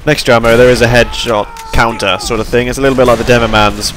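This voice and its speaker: Tired guy chatting away over his gameplay, mid-pitched voice, bit of hiss behind him. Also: steady tone, quick pace, fairly bright tone. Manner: rambling, chatty, self-deprecating. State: tired and yawning. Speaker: gameplay commentator. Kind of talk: casual gameplay commentary.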